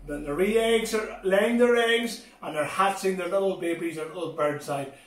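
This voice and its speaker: A high-voiced man preaches to children in an animated way. He swings between loud, bright exclamations and soft, low asides. The voice sounds echoey and a little distant, as if the mic is across the room. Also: normal speed. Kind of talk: children's sermon.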